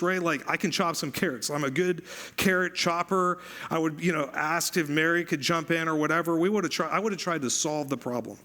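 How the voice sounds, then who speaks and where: A man's voice: fairly high pitch, fairly quick. Conversational male pastor preaching. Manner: conversational, animated, repeats for emphasis. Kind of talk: sermon.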